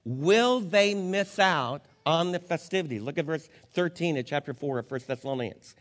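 A male pastor preaching at a funeral with a fairly high voice. He speaks earnestly and conversationally, addressing the congregation directly. A long reverb trails his words through the church sanctuary. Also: lively intonation, normal speed, few pauses. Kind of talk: funeral sermon.

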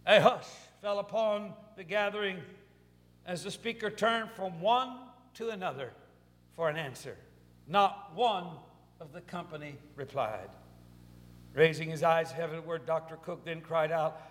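A man's voice: fairly high pitch, unhurried, fairly bright tone, in a large hall. A man pastor delivering a sermon, building to impassioned preaching. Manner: preaching with swelling intensity.

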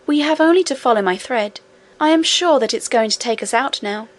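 A woman voicing an eager, hopeful little princess in a storybook reading, speaking in a hushed, eager way. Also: a little high, animated, fairly quick.

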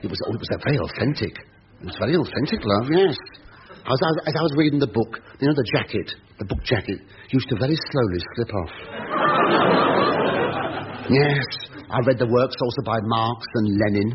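A man's voice: mid-range voice, lively intonation, a little fast, over a noisy crowd, heavy background noise. Flustered stammering comic man. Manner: flustered, chatty, stammering asides to the audience. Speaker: comedian and host. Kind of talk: 1970s radio sketch comedy. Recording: dull old radio recording, loud studio audience laughter.

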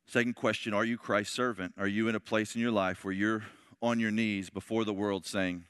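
Impassioned man preaching, forceful tone. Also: fairly low pitch, fairly even intonation, moderate pace, clear, resonant tone, no echo, clean studio sound. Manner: impassioned, swings from shouting to hushed. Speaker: pastor leading a men's Bible study. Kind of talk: sermon.

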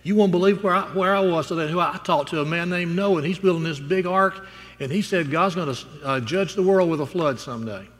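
A man voicing an excited little boy who stumbles over his words as he tells his news. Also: a little high, fairly quick, few pauses, lightly acted. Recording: long reverb in a large hall.

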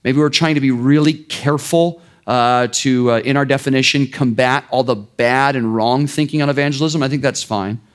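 A man's voice: mid-range voice, fairly even intonation, normal speed, hardly any pauses. A man preaching a sermon in an informal, conversational way, with sarcastic asides and frequent restarts. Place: church.

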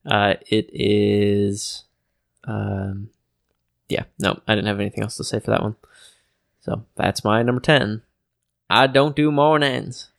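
A man with a gravelly, fry-heavy voice, co-hosting a podcast in casual chat. He teases dryly and gropes for words with plenty of fillers. The sound is dry and close, with no room around it. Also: lowish voice, little pitch movement, a bit bright, no room sound. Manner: dry, teasing, halting with many fillers. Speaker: podcast co-host.

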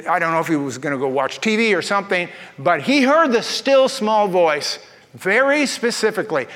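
A man preaching a sermon as pastor, telling stories in an animated way with playful asides, recorded in a church. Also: high voice, big-room sound.

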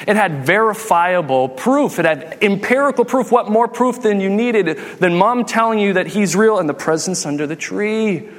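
Animated male preacher in a reverberant hall. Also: high voice. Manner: animated, jokey, acts out quotes. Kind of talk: humorous sermon storytelling.

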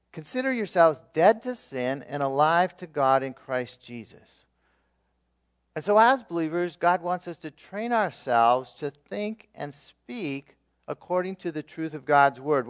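A man preaching a sermon as pastor, earnestly leading his congregation in repeated declarations, with emphatic swings in loudness and occasional fillers. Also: fairly high pitch.

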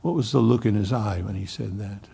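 A man preaching a sermon, swinging from loud emphasis to hushed near-whispers. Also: on the low side, a little fast, in a large hall. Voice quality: gravelly, husky voice. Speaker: pastor.

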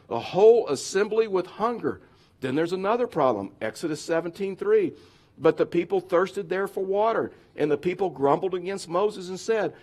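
A man preaching a sermon as pastor, emphatic and repeating his key phrases again and again. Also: fairly high pitch.

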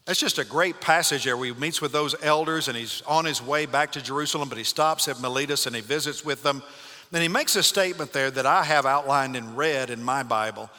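A male pastor giving a Sunday morning sermon, swinging between loud calls and hushed, calm speech. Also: mid-range voice, fairly quick, long reverb tail. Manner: dynamic preaching, shifts from loud to hushed.

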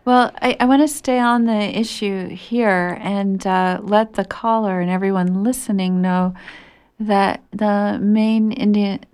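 A woman, a guest on a radio call-in show, telling a historical story and sometimes dropping into a breathy near-whisper. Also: medium pitch, fairly even intonation, unhurried, darkish tone.

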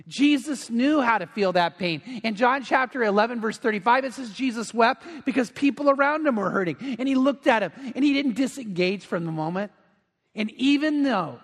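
A middle-aged man preaching a sermon in a large church, earnest and rising to louder emphatic peaks. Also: extremely high pitch. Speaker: pastor. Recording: long hall reverb.

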